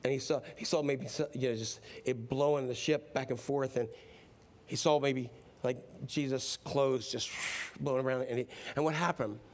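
A man's voice: mid-range voice, fairly even intonation, fairly quick. A man preaching a sermon in a casual, playful way, acting out the story. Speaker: pastor.

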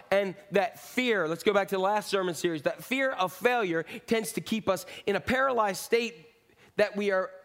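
Conversational middle-aged pastor, fairly high voice. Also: male voice, a bit bright. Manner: conversational, rambling with asides and jokes. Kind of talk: sermon.

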